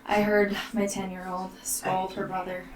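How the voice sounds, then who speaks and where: A woman, a mother, tells her own story in a slow, soft and halting way, often near a whisper. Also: mid-range voice, flat delivery. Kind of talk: personal storytelling. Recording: roomy, distant mic, faint background noise.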